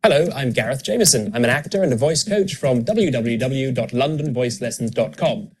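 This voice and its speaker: A man who is an actor and voice coach, giving a clear instructional accent tutorial and repeating example words slowly. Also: mid-range voice, animated.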